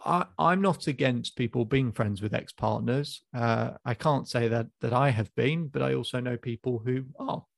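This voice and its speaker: A man coaching a client in a calm, probing session over a call, with frequent restarts. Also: medium pitch, moderate pace, gravelly, few pauses, no echo. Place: video call.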